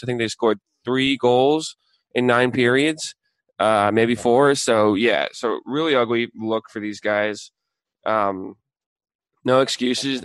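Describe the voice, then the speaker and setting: A man's voice: medium pitch, dry recording. A man co-hosting a casual sports talk show, talking in a loose, hesitant way. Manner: hesitant, loose, full of fillers. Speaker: sports podcast co-host.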